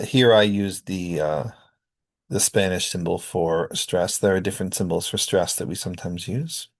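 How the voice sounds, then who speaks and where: A man from North America explaining sound rules in a recorded linguistics lecture, often pausing on ums and uhs. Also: lowish voice.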